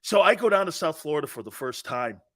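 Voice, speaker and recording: A man from the Northeastern US hosting a sports talk show, telling profane, animated stories and laughing at his own jokes. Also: fairly high pitch, quick pace.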